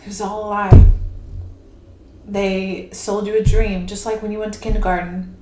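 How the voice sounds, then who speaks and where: A woman giving a casual, rambling tarot reading, animated and laughing often. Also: mid-range voice, normal speed. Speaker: tarot reader. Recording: echoey room with faint hiss.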